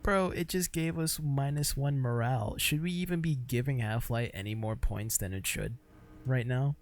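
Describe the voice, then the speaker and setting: A man's voice: mid-range voice, normal speed. A young man streaming a game, talking in casual, profane, exasperated commentary. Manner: profane, exasperated, self-mocking.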